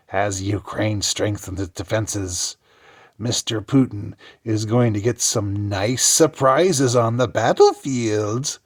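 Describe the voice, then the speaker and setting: A man putting on the voice of a cackling, gloating woman official, drawn out and mocking. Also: on the low side. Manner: slow, drawn-out mocking delivery.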